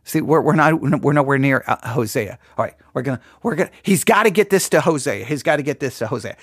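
A man's voice: mid-range voice, lively intonation, fast, slightly rough, no echo, studio quality. A man giving casual commentary on a sermon clip, chatty and wry, often repeating his phrases.

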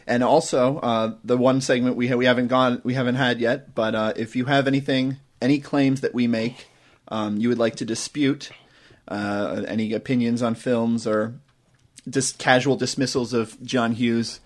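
A man's voice: medium pitch, little pitch movement. Joking man co-hosting a podcast. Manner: joking, quick asides, frequent laughter. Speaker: podcast co-host. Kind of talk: casual chat.

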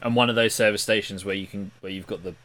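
A man's voice: fairly low pitch, steady tone, quick pace, fairly bright tone. A man co-hosting a film podcast, throwing in dry jokey quips. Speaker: podcast co-host. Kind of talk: casual film chat.

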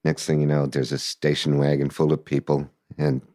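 Older man, very deep voice, dry close mic, casual interview storytelling, animated, acts out sounds. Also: normal speed, dry recording. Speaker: guest musician recalling the past.

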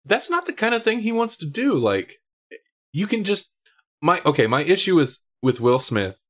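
A man's voice: high-pitched, very animated, normal speed, a bit bright. A man co-hosting a podcast in casual chat, opinionated and thinking aloud as he talks. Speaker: podcast co-host.

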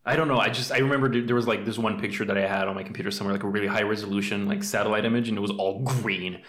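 A man's voice: fairly low pitch, steady tone, racing, fairly bright tone. Laughing Eastern European man, echoey room. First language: not English. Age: 20s. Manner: laughing often, loose and joking. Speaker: podcast co-host. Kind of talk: casual podcast chat.

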